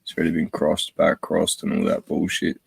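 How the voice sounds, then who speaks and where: A man's voice: rumbling low, monotone, normal speed, creaky, husky, no echo. A man chatting casually on a live stream, rambling and swearing in slang.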